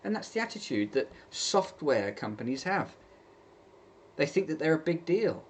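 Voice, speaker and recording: A man's voice: fairly high pitch, sing-song, normal speed, slightly rough. A man giving an exasperated, sarcastic opinion rant as a vlogger. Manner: exasperated, sarcastic, mocking quoted voices.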